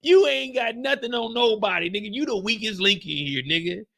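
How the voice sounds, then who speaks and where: A man hosting a live reaction stream, recapping a TV show in an animated, profane, ranting way. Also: high voice, a little fast.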